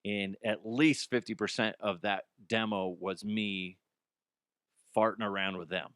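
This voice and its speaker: A man in his forties from Colorado, a former radio voiceover guy, hosting a casual, profane comedy news rant, chatty and quick to laugh. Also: fairly low pitch, steady tone, a bit bright, smooth, no room sound, clean studio sound. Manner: chatty, laughing, swears freely.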